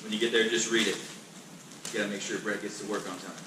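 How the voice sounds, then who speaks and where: A man's voice: lowish voice, steady tone, fast talker. A male pastor teaching a Bible class in a conversational, emphatic way, often restarting and repeating words. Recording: echoey room, distant mic, noisy.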